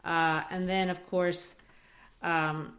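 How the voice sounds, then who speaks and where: A woman teaching literature in a lively way, discussing a play and acting out its quoted lines. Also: on the low side, slow. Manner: animated, acts out quoted lines.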